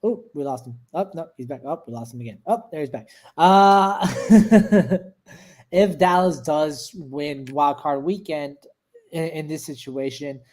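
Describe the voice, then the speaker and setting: A man's voice: fairly high pitch, a little slow, darkish tone. Easygoing man talking football matchups. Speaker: podcast co-host. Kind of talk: casual sports chat.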